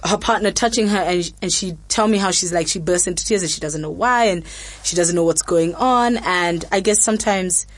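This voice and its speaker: A woman's voice: fairly low pitch, brisk. A young woman, hosting a frank, casual chat full of fillers and quoted asides. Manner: frank, chatty, many fillers, animated quotes. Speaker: podcast host.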